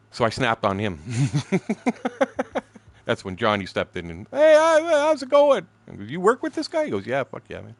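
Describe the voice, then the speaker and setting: A man's voice: lowish voice, a bit bright, dry recording. A man in his sixties from Canada, telling a story during a game stream in a blunt, profane, laughing way. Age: 60s. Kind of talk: casual storytelling chat.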